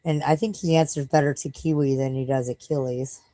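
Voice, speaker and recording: A woman's voice: extremely low pitch, steady tone, fairly quick, warm tone, low-quality recording. A tired woman live streaming in casual, rambling chat, swearing freely and breaking off to scold and baby-talk her dog.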